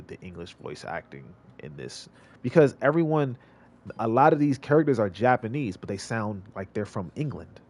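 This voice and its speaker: Male streamer, low voice, casual gameplay chat, rambling, frequent restarts. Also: a little mellow. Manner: rambling, repetitive, lots of restarts.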